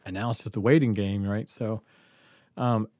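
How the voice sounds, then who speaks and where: A man tells a story from his own life in a casual podcast chat. He acts out each person in it, drops to a near whisper, then rises into loud laughing bursts. The sound is dry and close to the mic. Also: lowish voice, normal speed, no room sound. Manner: animated, acts out quotes, laughs often. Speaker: guest storyteller.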